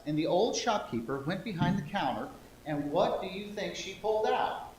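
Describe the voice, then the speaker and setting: Brief: animated male storyteller at a service, playful and coaxing, with a big room echo and a faint hum behind him. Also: fairly high pitch, normal speed. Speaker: lay speaker telling a children's story. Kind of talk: interactive storytelling to a congregation. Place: church sanctuary. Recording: echoey church hall, faint hum.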